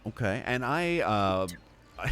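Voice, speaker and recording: A man's voice: on the low side, expressive, unhurried, a bit bright, clear, resonant tone. A man playing a stammering, flustered adventurer. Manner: stammering, apologetic. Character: flustered bumbling male adventurer.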